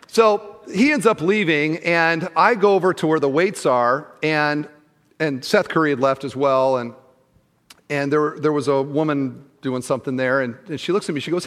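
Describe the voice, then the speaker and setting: A man preaching a sermon as pastor, telling a story with lively acted-out exchanges before an earnest appeal to fathers. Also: on the high side, moderate pace, in a large hall. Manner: animated storyteller who acts out the people in the story. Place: large church auditorium.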